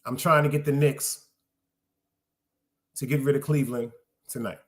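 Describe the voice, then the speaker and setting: A man's voice: mid-range voice, fairly even intonation, moderate pace. A middle-aged man, hosting a podcast in loose, streetwise solo chat, repeating phrases for emphasis. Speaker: podcast host. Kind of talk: casual solo livestream chat.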